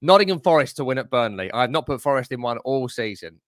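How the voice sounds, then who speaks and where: Blunt, opinionated man, football tipster, mid pitch, dry close sound. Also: animated, fast, no echo. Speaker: football expert. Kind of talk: casual betting chat.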